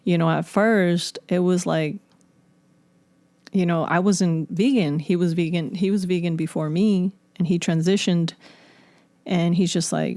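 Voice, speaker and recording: A woman with a lowish voice tells a personal story in loose, casual podcast talk. She swears often and piles on filler words as she rambles along. Her voice is close and dry, with no room sound. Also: normal speed, warm tone, no echo. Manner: profane, rambling, full of fillers. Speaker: podcast guest.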